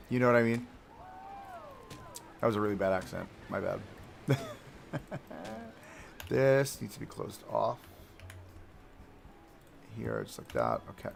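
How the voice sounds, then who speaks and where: A man's voice: lowish voice, expressive, measured pace, vocal fry, long pauses, a little hiss or hum. A young man chatting casually to a live audience while building in a game, talking to himself, joking and grumbling at the controls. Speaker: streamer building a theme park live. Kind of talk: casual live-stream commentary.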